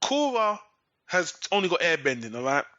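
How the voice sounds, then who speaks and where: This podcast host's casual rant about an episode is full of sarcasm, cursing and exasperation. A little high, his voice swings widely in pitch at a moderate pace with a sharp tone, recorded dull, lo-fi and dry, no room sound.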